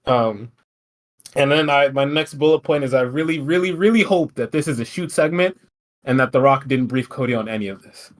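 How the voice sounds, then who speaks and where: A man's voice: mid-range voice, brisk. A man co-hosting a podcast, recapping wrestling in a casual, profane, rambling way with frequent laughs. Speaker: podcast co-host.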